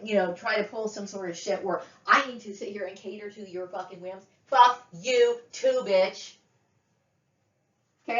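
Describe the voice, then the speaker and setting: Angry woman ranting in a roomy room. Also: medium pitch. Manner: profane, agitated, with restarts and rising outbursts. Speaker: vlogger. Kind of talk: angry personal rant to camera. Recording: roomy, distant, dull lo-fi sound.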